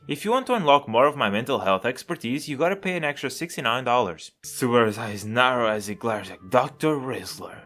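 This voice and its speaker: A man doing a comedic chatbot role-play, reading the story out and answering in a deadpan, mock-casual, trolling way over faint music. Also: mid-range voice, fairly quick, hardly any pauses. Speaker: YouTuber role-playing with an AI chatbot.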